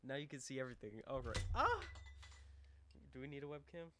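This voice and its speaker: A man streaming live as he builds a model kit, talking to himself in a mumbling, self-deprecating way that trails off, on a desk mic turned down low. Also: steady tone, rapid-fire. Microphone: desk microphone with low gain. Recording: faint hum and buzz behind.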